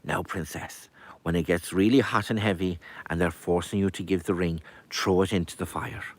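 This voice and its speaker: A man doing a hushed talking magic ring. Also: brisk, close to an everyday voice. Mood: urgent hushed. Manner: low hushed urgent whisper.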